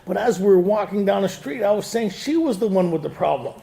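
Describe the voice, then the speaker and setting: Gravelly high-voiced man telling a joking story. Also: expressive, a little fast, few pauses, mellow. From Canada. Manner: joking storyteller, laughs often at his own lines. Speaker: AA speaker. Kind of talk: recovery meeting talk to a live audience.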